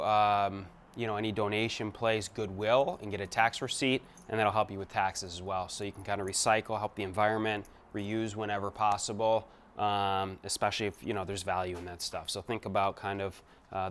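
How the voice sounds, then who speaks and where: In a walkthrough vlog inside an empty house under renovation, a real estate investor talks in punchy, excited snippets. His lowish, slightly bright voice rings as if in a large hall, with a little background noise.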